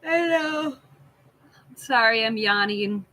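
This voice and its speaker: Woman, tarot reader, live stream chat, slow and easy pace, bright forceful voice, reads out card meanings. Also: on the high side, animated, rough recording. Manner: unhurried, listing card meanings and greeting chat viewers.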